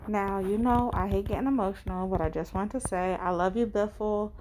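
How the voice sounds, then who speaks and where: A woman's voice: medium pitch, fairly even intonation, a little fast, a little mellow, a little hiss or hum, poor audio. A woman giving an earnest, prepared birthday tribute to a friend. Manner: earnest, speech-like. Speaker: friend leaving a birthday message. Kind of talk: prepared heartfelt message.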